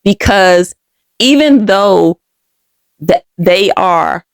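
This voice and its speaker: A young woman hosts her own podcast and tells a painful story from her life. She talks candidly and with feeling, turning often to her listeners. Her voice is gravelly and sits mid-range, recorded dry and close. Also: mid-range voice, lively intonation, drawn-out words, no room sound. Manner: candid, emotional, addresses listeners directly. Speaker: podcast host. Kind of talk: personal storytelling.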